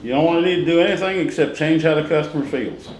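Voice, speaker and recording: A middle-aged man runs a sales training session, his fairly high voice bouncing around an echoey classroom. He drills the same phrases over and over and fires short questions at the class. Faint noise hums behind him. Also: fast talker, darkish tone. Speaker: real estate sales instructor.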